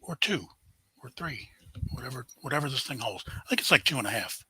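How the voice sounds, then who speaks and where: A man's voice: medium pitch, lively intonation, brisk, pushed and bright, slight background noise, poor audio. An older man, hosting a casual live stream, chatting and greeting viewers by name.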